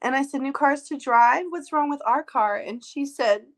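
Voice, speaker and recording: Woman, high voice, mother, emotional, tearful at times, telling a story, video call. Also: normal speed. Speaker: dog owner and mother.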